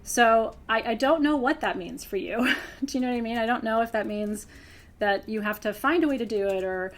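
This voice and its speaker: A woman who teaches spiritual practice, talking earnestly to her students close to tears, dropping to a hush and then rising with bright laughs. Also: on the high side, normal speed. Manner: earnest, swings between hushed intensity and laughing brightness. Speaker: spiritual teacher hosting a member Q&A. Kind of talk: emotional heartfelt address to students.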